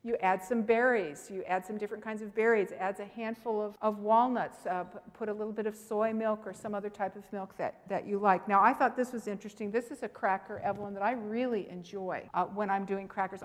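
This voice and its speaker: A woman presenting a health seminar, teaching with personal stories in an emphatic, animated way and speaking straight to the audience. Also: mid-range voice, long reverb tail.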